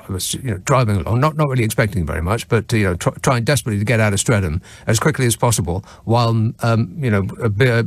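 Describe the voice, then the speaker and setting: Wry radio host, lively pitch. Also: male voice, dry recording. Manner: wry, sardonic, self-mocking. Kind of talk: late-night radio storytelling monologue. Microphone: studio microphone.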